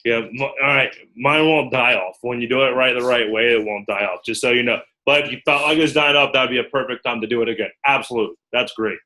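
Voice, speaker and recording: Give me an animated man coaching a small group. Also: mid-range voice, quick pace, few pauses, rough recording. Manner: animated, acts out quotes, checks in with "okay?" often. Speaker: recruiter training a team. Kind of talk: group training talk.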